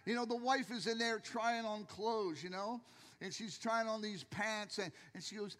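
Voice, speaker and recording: An older man preaching from a church stage, his voice high and bright as he tells jokey stories and acts out other people's lines. The long reverb of a large hall trails behind every phrase. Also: moderate pace. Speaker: pastor. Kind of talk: sermon.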